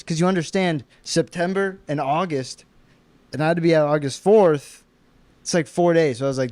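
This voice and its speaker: A man's voice: a little high, moderate pace. A man from Alaska, co-hosting a casual podcast, telling a story with lots of swearing and acted-out dialogue. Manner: animated storyteller, swears a lot, acts out dialogue. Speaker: podcast co-host.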